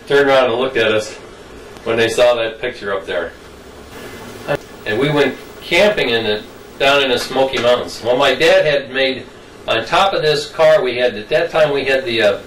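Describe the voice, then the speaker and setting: A man's voice: mid-range voice, fairly bright tone. An older man telling childhood stories in a rambling, folksy way. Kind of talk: casual storytelling. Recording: roomy distant mic, faint noise.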